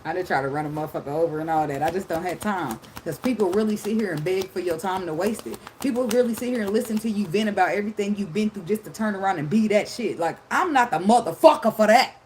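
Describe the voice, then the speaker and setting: A woman's voice: mid-range voice, fast, few pauses, a little mellow, a little hiss or hum. A woman tarot reader talking casually in a blunt, profane way, laughing often. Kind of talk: casual unscripted monologue.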